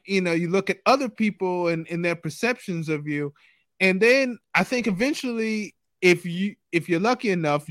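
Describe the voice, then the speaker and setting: A man with a notably high voice reflects in a relaxed, rambling way, full of fillers. The sound is dry and close. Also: no room sound. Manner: reflective, loose, lots of fillers. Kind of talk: casual podcast conversation.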